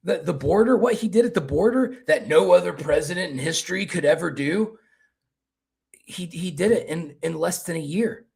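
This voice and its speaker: Kentucky man, raised pitch, gravelly, rambling talk-show host. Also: lively intonation, normal speed, darkish tone. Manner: rambling, repeats and restarts words. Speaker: political commentary host. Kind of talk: casual political commentary.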